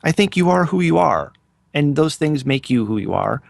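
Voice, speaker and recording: A man's voice: on the high side, sing-song, moderate pace, vocal fry, no echo. A man co-hosting a podcast in easygoing, chatty conversation. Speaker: podcast co-host. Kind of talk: casual podcast chat.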